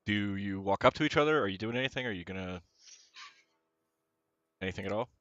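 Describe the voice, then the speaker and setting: A man's voice: fairly low pitch, lively intonation, a little fast, fairly bright tone, dry recording. A man narrating as game master over voice chat, hesitant, with many fillers and restarts. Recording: dull, slightly lo-fi voice chat audio.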